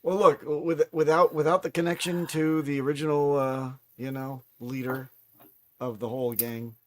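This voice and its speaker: A man's voice: on the high side, little pitch movement, normal speed, a little hiss or hum. A man co-hosting a casual crypto chat, joking and stammering through his lines. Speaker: co-host.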